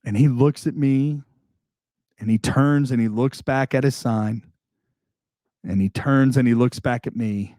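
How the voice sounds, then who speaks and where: A man's voice: medium pitch, unhurried, long pauses, warm tone, no echo, studio quality. Chatty man telling a self-mocking story. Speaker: salesman telling a work story. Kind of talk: casual anecdote. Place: indoor room.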